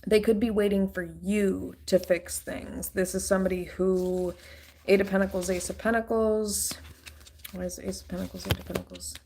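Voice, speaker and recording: A woman in an unscripted tarot reading who talks bluntly and swears freely. Her delivery is loose and rambling, full of fillers and restarts. Her voice sits at an ordinary pitch for a woman. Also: fairly even intonation, moderate pace, mellow, slight background noise. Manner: blunt, profane, ranting. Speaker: tarot reader.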